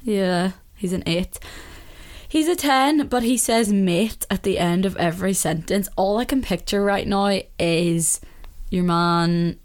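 A woman's voice: medium pitch, measured pace. A young woman with a Northern Irish accent, hosting a casual solo podcast in a chatty, opinionated way and laughing often. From Northern Ireland. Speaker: podcast host.

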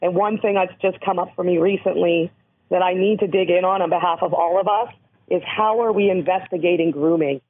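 A woman from Canada with a hoarse voice, speaking earnestly as an interview guest who educates on abuse prevention. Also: lowish voice, brisk. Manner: earnest, emphatic, explanatory. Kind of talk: interview over the phone. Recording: tinny phone line.

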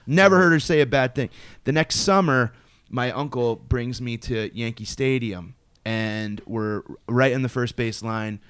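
A middle-aged man telling a long story in casual chat, animated and profane, acting out what people said. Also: medium pitch, smooth, no echo.

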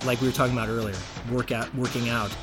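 A man's voice: mid-range voice, level tone, fast, music in the background. Enthusiastic man co-hosting a podcast. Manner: enthusiastic, rambling, laughs easily. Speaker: podcast co-host. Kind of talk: casual chat.

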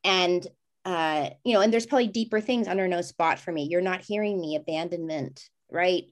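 A woman in her forties co-hosting a podcast, telling a personal story in a rambling, animated way and acting out quoted voices. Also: moderate pace. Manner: animated, acts out quoted voices with big pitch jumps; rambling with frequent restarts and "like". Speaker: podcast co-host. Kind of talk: casual chat, personal storytelling.

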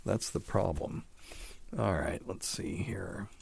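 Deep-voiced blunt radio host. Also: male voice, slow, vocal fry, slightly rough. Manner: blunt, offhand, scoffing asides. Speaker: radio show host answering caller questions. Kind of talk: casual call-in radio talk.

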